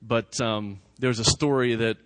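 A male pastor preaches in a relaxed, conversational way, repeating key words for emphasis. His voice sits in a medium register. The recording is dry and close, with no room echo. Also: medium pitch, normal speed. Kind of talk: sermon.

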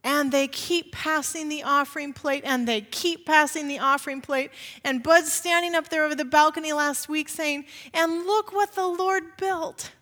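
A woman's voice: high-pitched, fairly even intonation, normal speed, pushed and bright. A woman pastor giving a conversational sermon in a church sanctuary, often asking the congregation rhetorical questions. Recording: reverberant sanctuary.

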